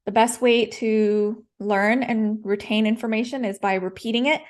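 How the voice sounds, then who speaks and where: A woman's voice: on the high side, steady tone, moderate pace, a little mellow. A woman coaching public speaking in a live-streamed lesson, direct and encouraging, repeating her key points.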